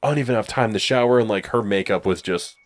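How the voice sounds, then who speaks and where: A man's voice: lowish voice, fast. A man telling a long, rambling personal story in casual chat, with lots of fillers and laughs at himself. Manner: rambling, filler-heavy, laughing at own stories. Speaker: gameplay co-host.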